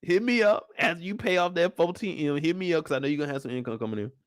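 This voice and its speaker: A young man hosting a loose live-stream chat, joking in heavy slang and now and then breaking into falsetto singing. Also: rapid-fire, dry recording, studio quality. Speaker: streamer host.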